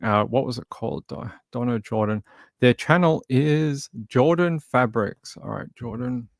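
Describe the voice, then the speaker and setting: A man hosting a casual live stream, rambling and halting as he greets viewers by name. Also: medium pitch, creaky, no room sound, clean studio sound.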